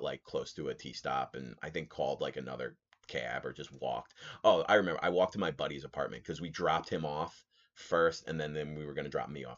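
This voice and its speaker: A young man hosting a podcast, telling a rant story in a casual, animated way, swearing freely and laughing as he talks. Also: a bass voice. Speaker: podcast host. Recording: slightly dull podcast audio.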